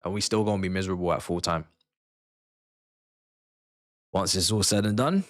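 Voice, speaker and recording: A low-voiced man runs a live football watchalong at a moderate pace, giving slang-filled, excitable reactions that swing between mumbled asides and shouted outbursts.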